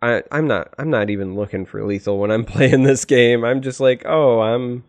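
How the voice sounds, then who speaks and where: A man's voice: mid-range voice, moderate pace. A man co-hosting a casual podcast, teasing his guests with dry humor. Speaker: podcast co-host.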